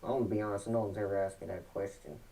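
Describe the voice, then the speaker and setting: A male guest answering interview questions in a halting, stuttering, plainspoken way. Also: lowish voice, flat delivery, mellow, recorded from a distance, a little hiss or hum, poor audio.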